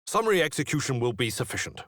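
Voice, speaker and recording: A man's voice: mid-range voice, very animated, quick pace, a bit bright, dry recording. An actor playing a proper male officer, formal and dry, slightly exasperated. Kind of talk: video game voice acting.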